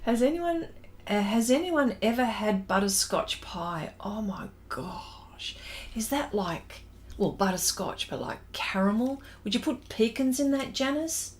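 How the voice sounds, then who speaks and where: An Australian woman chats her way through a drawing livestream at a slow, unhurried pace. Her voice sits a little high, and she reads viewer comments aloud and laughs often. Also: expressive. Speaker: artist hosting a drawing livestream. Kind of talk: casual livestream chat.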